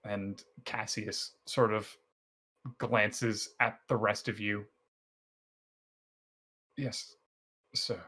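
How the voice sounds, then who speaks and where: A man narrating a tabletop game as dungeon master in a relaxed, conversational way. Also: fairly low pitch, slow pace, breathy edge.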